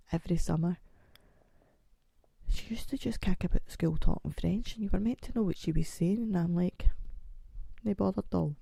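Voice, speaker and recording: A woman in her forties chats and rambles through her own podcast. She pokes fun at herself, and her voice is gravelly and croaky from a chest infection. It has a dark, mellow tone and sits a little low, recorded close and dry. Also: no echo. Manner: rambling, chatty and self-mocking. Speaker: podcast host. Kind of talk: casual solo podcast chat.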